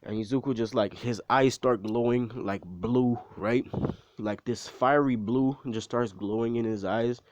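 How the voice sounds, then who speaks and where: A man's voice: mid-range voice, a little slow, lo-fi sound, noisy background. A man telling a story casually, rambling and swearing, with lots of fillers and restarts. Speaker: video creator.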